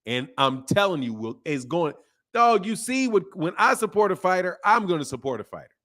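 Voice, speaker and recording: Animated, laughing man hosting a stream. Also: sits high, normal speed. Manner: animated, laughing, emphatic, slangy. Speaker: boxing channel host. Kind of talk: casual live-stream chat reading viewer comments.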